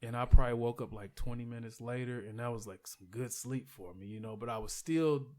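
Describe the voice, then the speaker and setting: A man's voice: mid-range voice, fairly quick. Rambling man telling a story. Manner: rambling, full of "like" and "you know"; profane, animated retelling. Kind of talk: casual storytelling.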